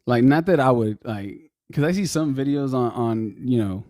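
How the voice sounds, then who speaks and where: Young male co-host, lively pitch, swearing casual storyteller. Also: normal speed. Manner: profane storytelling, animated, laughs often. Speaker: podcast co-host. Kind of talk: casual chat.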